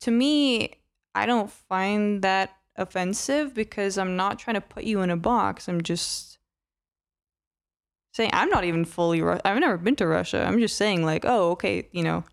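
A woman's voice: mid-range voice, measured pace, clean tone. A woman co-hosting a podcast, chatting conversationally with a few hesitations. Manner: conversational, lightly hesitant, quotes others in passing. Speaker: podcast co-host. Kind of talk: casual chat.

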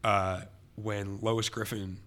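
A man hosting a podcast in casual chat, talking in animated, rambling, emphatic runs. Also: on the low side, slow pace. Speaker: podcast host.

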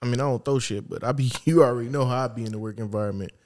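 A man co-hosting a podcast in casual chat, laid-back and joking, with squeaky voice bits. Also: very fast, a little mellow. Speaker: podcast co-host.

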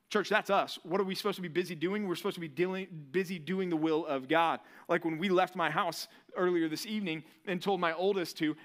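A male pastor giving a sermon in a lively, conversational way, often asking the congregation rhetorical questions. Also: sits high, brisk, few pauses.

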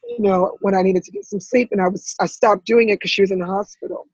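A woman, an interview guest, tells an emotional personal story in a halting way, full of restarts and repeated words. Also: medium pitch, steady tone, husky, no room sound, muffled recording.

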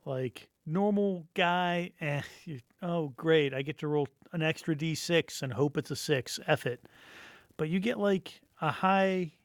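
A man's voice: on the high side, unhurried, dry recording, studio quality. A man co-hosting a casual podcast, joking and enthusiastic, with lots of "like" in his speech. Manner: joking, enthusiastic, says "like" often. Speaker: podcast co-host.

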